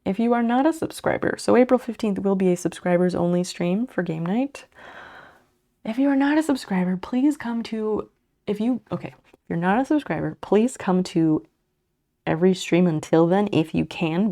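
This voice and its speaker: Speaking at a moderate pace in a lowish voice with a dark tone, a woman crochets on stream, answering her viewers' messages in casual talk. She mutters and curses quietly to herself while working.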